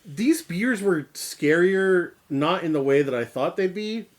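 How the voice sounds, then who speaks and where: A man from Canada co-hosting a casual beer review, jokey and animated, with exaggerated reactions to what he tastes. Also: sits high, a little slow. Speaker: co-host of a beer review show. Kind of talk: casual chat.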